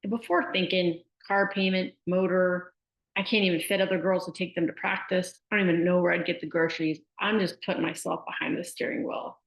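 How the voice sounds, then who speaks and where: Gravelly woman in an echoey room. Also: lowish voice, fairly even intonation, brisk. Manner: chatty storyteller, frequent "like" and "right?". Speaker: sports nutrition specialist. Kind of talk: casual conversational advice. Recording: echoey room, dull lo-fi sound.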